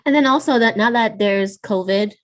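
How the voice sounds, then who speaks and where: A woman's voice: mid-range voice, moderate pace. A woman co-hosting a podcast in casual conversation, earnest and urging, with a few restarts. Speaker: podcast co-host.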